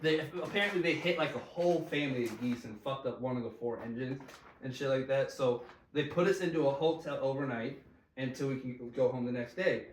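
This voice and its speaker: A man's voice: mid-range voice, a little fast, far from the mic, slight background noise. A man casually telling a long story, laughing often and swearing freely in slangy talk. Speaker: podcast guest telling a story. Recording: echoey room, voice a bit off-mic.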